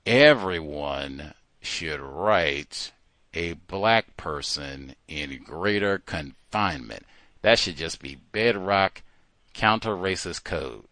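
Animated emphatic male radio host. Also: low voice, slow, no echo. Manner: animated, emphatic, repeats words for stress. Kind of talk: call-in radio talk monologue.

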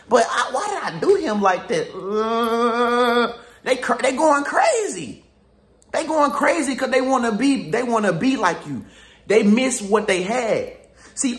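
Guy giving slangy relationship advice, joking around, echoey room. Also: very high voice. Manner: slangy, animated, jokey. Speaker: spiritual relationship advisor. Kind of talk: casual pep-talk monologue.

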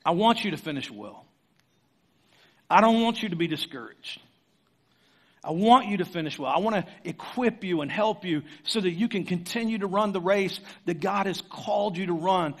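A middle-aged male pastor preaching a sermon to a church room, earnest and exhorting, repeating his key phrases. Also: high voice.

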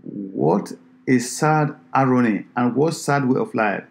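A man's voice: medium pitch, lively intonation, slow, creaky. A man preaching a sermon who exhorts his listeners with repeated rhetorical questions.

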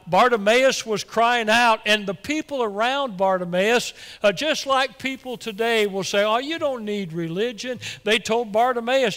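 A male pastor delivers his sermon in a high voice, folksy and easily excited, doubling words when the feeling runs ahead of him. His voice rings out through a church with a long, lingering reverb. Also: unhurried. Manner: excitable, folksy, stumbles and repeats when worked up. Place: church sanctuary.

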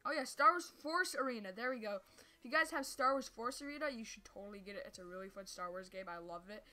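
A woman's voice: on the high side, fast talker. A woman giving casual live gameplay commentary who rambles, gets sidetracked, stumbles over her words and breaks into sudden yelps. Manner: sudden excited yelps and squeals. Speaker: gameplay streamer.

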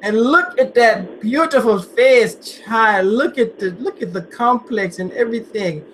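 A man with a fairly high voice hosts a casual live stream chat, bouncing through animated, playful stories and breaking into goofy voices along the way. A steady hiss of noise sits under his voice. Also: unhurried, rough recording. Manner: playful, animated storyteller who slips into silly voices. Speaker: host.

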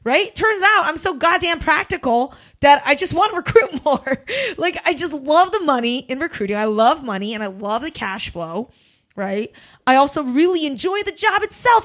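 A woman's voice: sing-song, normal speed, fairly bright tone. Blunt, emphatic woman podcast host. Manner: emphatic and blunt, swears freely, big pitch swings. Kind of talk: casual motivational monologue.

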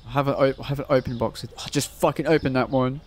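A man's voice: medium pitch, fairly even intonation, quick pace, a little mellow. A man giving casual gameplay commentary, swearing constantly and muttering prices as he counts change. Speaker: gaming channel host.

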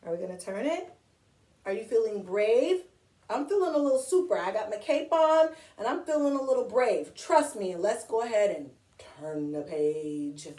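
A woman with a mid-range voice reads a picture book aloud to children at normal speed, animated as she asks them questions and coaxes them along. As a storytime reader, she's recorded in an echoey room on a distant mic.

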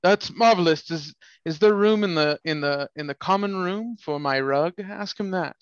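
A man with a slightly high voice plays a tabletop game. He narrates his character's actions haltingly and with amusement. The recording is dry and muffled. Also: smooth, no echo. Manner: halting, amused, many uhs. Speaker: player. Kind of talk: casual tabletop play.

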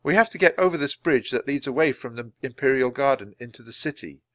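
A man's voice: mid-range voice, animated, fairly quick, a bit bright, no room sound, natural voice. A man voicing a sensible, worried young boy in a storybook reading. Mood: earnest.

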